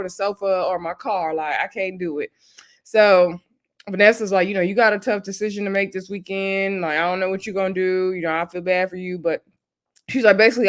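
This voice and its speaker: A woman's voice: medium pitch, a bit bright. A woman, recapping a reality dating show in a casual, chatty way, laughing often and acting out what people said. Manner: chatty, laughs often, acts out quotes in quick asides.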